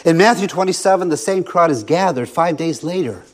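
A male preacher delivering a sermon with rhetorical repetition and slow, emphatic pauses. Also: a little high, expressive.

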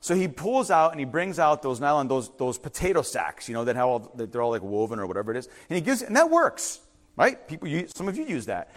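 A man's voice: medium pitch, sing-song, fast talker. A middle-aged man, a pastor, telling a story in his sermon and then preaching with rising emphasis.

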